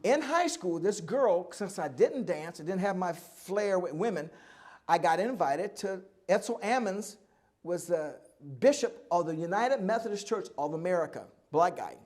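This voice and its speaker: A man in his seventies, a guest at a live oral history event, telling stories from his life in an animated way and acting out both sides of each conversation. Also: sits high. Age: 70s. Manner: animated storyteller who acts out dialogue and laughs often.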